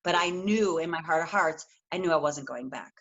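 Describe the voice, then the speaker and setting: A woman's voice: sits low, moderate pace, a bit bright, muffled recording. A middle-aged woman, a guest coach on a podcast, talking earnestly and acting out quotes as she tells her story. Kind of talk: casual interview chat.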